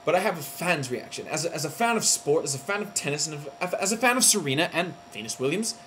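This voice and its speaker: A man's voice: animated, fast talker, a little hiss or hum. Heated, outraged man ranting. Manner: heated, outraged, with sudden loud jumps in pitch. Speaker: vlogger. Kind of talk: indignant vlog rant.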